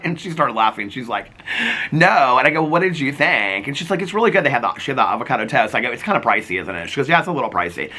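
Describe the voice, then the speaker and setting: A man vlogging, telling a long rambling story in a casual, excitable way with many fillers. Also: medium pitch, breathy edge.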